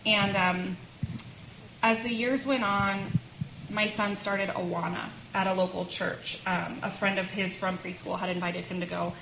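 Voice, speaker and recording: A woman's voice: mid-range voice, level tone, measured pace, gravelly. Chatty woman sharing testimony, roomy sound. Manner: chatty, laughs often, many fillers. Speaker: speaker sharing her testimony. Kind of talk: personal testimony at a women's church gathering. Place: church meeting room. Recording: roomy sound with background noise.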